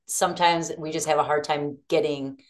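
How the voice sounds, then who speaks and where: A low-pitched woman talks about her band in a relaxed interview. She rambles cheerfully through her stories, laughing now and then. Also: normal speed. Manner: chatty, laughing, rambling storyteller. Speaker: band singer and songwriter. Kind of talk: casual interview chat.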